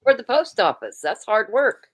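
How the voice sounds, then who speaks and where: A woman's voice: a little high, big pitch swings, moderate pace, crowd noise. A woman hosting a casual livestream, chatting and reading viewer comments aloud. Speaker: livestream host.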